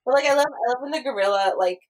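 A woman's voice: sits high, rapid-fire. Woman gushing about a cartoon episode, giggly, casual podcast chat. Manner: giggly, enthusiastic, acts out quotes. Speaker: podcast co-host.

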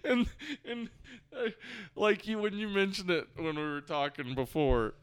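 A man co-hosting a casual movie review chat, enthusiastic and quick to laugh. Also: high voice, clean tone, no echo. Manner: animated, enthusiastic, laughs often. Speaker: podcast co-host.

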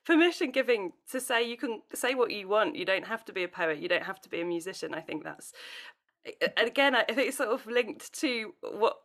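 A woman's voice: medium pitch, lively intonation, fairly quick, a bit bright. A woman with a British accent hosting a podcast, speaking in a thoughtful, reflective way. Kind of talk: casual podcast conversation.

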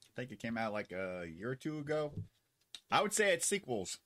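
A man co-hosting a casual livestream chat, talking in halting, rambling bits. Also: medium pitch, big pitch swings, fairly bright tone. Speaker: co-host.

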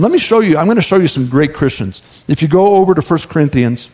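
A man's voice: fairly high pitch, animated, quick pace, a little mellow. A middle-aged man preaching a sermon in a conversational way, full of asides and rhetorical questions. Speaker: pastor.

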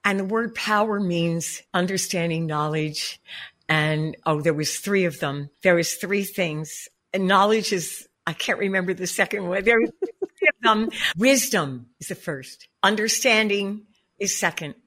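Bright-voiced, chatty older woman guest. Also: lowish voice, measured pace. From United States. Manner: chatty and rambling, laughs easily. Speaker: guest, performer and vocal coach. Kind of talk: casual interview talk.

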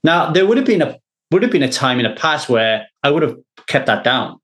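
A man's voice: a little high, very animated, a little fast, a bit bright. Earnest man rambling on a podcast. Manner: earnest, rambling, repeats words when thinking. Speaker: podcast host. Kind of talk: casual podcast chat.

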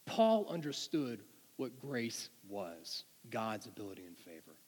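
A man's voice: fairly low pitch, sing-song, unhurried, a little mellow, husky, in a large hall. A man preaching a sermon in an earnest, conversational way, often restarting his sentences.

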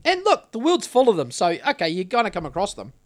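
A man's voice: sits high, huge pitch swings, fast. A man co-hosting a podcast, ranting bluntly and swearing constantly in casual chat. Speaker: podcast co-host.

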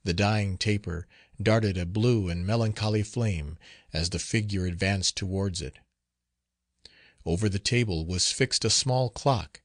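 Low-voiced man reading a gothic novel. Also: no echo, studio quality. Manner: measured, solemn reading. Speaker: audiobook narrator. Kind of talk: scripted narration of a gothic novel.

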